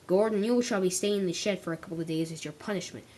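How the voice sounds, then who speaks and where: A woman's voice: fairly low pitch, fast talker, mellow, slight background noise, close to an everyday voice, low-quality recording. A woman voicing a stern older male railway boss who gives orders. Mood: bossy. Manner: bossy, giving orders.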